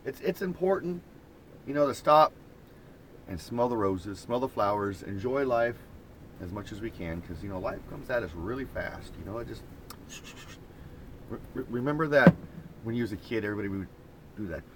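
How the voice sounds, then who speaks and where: A man's voice: mid-range voice, animated, normal speed, background noise. A man vlogging in casual chat, rambling in an easygoing, reflective way from inside a moving camper van.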